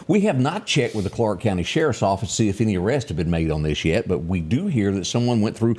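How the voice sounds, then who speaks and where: A man's voice: fairly low pitch, fast. A man co-hosting a local news talk show, chatting casually in a folksy, joking way. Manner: folksy, joking, animated delivery.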